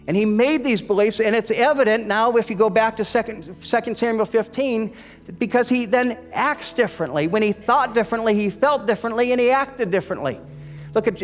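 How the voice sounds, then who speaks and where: A man preaching a sermon as pastor, earnest, often stumbling and repeating words as he restarts phrases. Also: very high-pitched. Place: church sanctuary. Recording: long church hall reverb.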